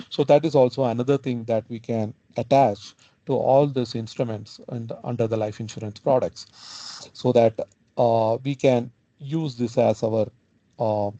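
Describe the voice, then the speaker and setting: Guy running a money webinar, slow halting explainer, keeps saying okay?, muffled lo-fi sound. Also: medium pitch, mellow, no echo. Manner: halting, adds "okay?" after points. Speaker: financial planning webinar presenter. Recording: dull lo-fi webinar audio.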